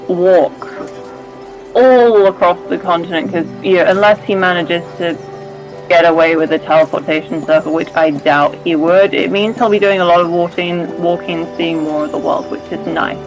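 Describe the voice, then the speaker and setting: High-pitched male player in character, reflective and halting, soft music behind. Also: lo-fi sound. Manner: thoughtful, hesitant. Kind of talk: in-character role-play.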